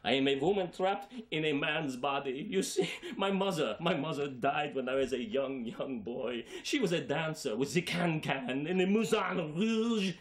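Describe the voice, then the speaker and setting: A man's voice: a little high, very fast, hardly any pauses. An actor playing a bumbling retired policeman with an outrageous put-on accent, stammering and hesitant. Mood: pleading. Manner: hesitant, stammering, bursts into shouting. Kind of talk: comedic film scene acting.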